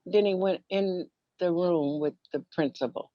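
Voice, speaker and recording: A minister appearing as a guest storyteller speaks a little slowly in a fairly low voice, telling a personal story. Along the way she acts out childhood dialogue and sings a playground rhyme, all in a dry, dull, muffled recording.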